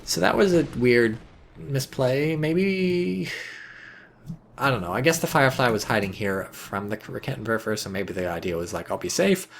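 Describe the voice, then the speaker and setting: A man casting a strategy game match in casual commentary, excitable, sarcastic and swearing freely. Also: medium pitch, moderate pace, creaky, a little hiss or hum. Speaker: game caster.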